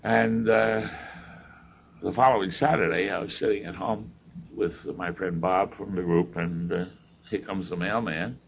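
An older man with a gravelly voice telling a humorous story from his own life, with dry, wry asides. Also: sits low, measured pace. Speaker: speaker sharing his recovery story. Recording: dull lo-fi recording with faint hiss.

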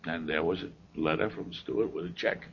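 An older man with a gravelly voice telling a humorous story from his own life, with dry, wry asides. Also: low-pitched, fairly quick. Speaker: speaker sharing his recovery story. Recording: dull lo-fi recording with faint hiss.

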